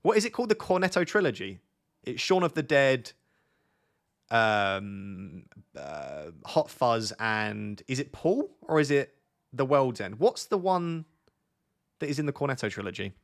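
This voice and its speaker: This is a young man, chatting into a desk mic during a live stream. He speaks at a middle pitch and keeps the tone loose and jokey, often restarting lines as he thinks aloud. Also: very animated, measured pace, vocal fry. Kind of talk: live stream chat with viewers.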